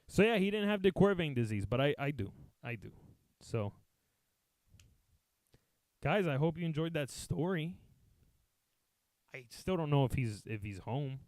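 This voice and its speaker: A man's voice: a little high, big pitch swings, unhurried, long pauses, darkish tone, no echo. A man, a comedian, telling a rambling, profane story casually to his live chat. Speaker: comedian and streamer.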